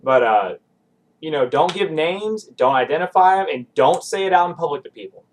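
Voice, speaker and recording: A man's voice: fairly high pitch, animated, recorded from a distance, poor audio. Rambling man, a bit off-mic. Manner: rambling, self-deprecating, quick restarts. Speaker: podcast guest. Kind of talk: casual storytelling.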